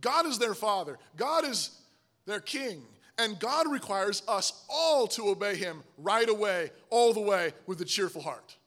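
A man preaching a sermon, emphatic, often asking "Right?", swinging from loud stresses to low, quiet asides. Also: expressive, unhurried. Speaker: pastor.

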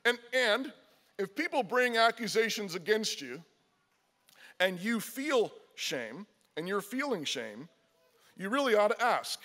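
A man with a high-pitched voice preaches to his congregation, earnest and emphatic. He repeats key phrases and voices imagined exchanges. His words ring out with a long reverb through a church sanctuary. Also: sing-song, measured pace, sharp tone. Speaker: pastor. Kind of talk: sermon.

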